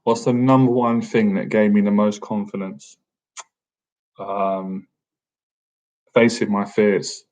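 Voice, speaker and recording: A man's voice: lowish voice, flat delivery, slow pace, pauses often, darkish tone. A man in his thirties hosting a casual live-stream Q&A, chatty and jokey, often tacking "man" onto his sentences. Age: 30s. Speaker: boxing coach and livestream host. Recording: dull lo-fi stream audio.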